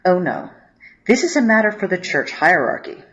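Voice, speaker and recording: A woman's voice: on the low side, sing-song, normal speed. A woman voicing a fussy, flustered male parish priest in a narrated story. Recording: dull lo-fi audio.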